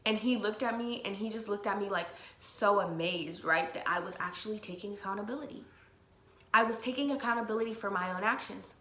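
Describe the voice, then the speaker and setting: Speaking a little fast at a medium pitch, the young podcast host tells her listeners a personal story, swearing frequently as she talks candidly and emotionally. There's a slight brightness to her voice, recorded in an echoey room with faint background noise.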